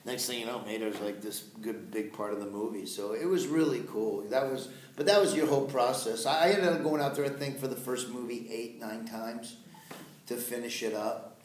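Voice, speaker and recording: A man with a Southern US accent, a voice actor chatting as an interview guest, telling lively stories and slipping into voices. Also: medium pitch, moderate pace. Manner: lively storyteller, slips into quoted voices. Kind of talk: casual interview chat. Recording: echoey room, faint background noise.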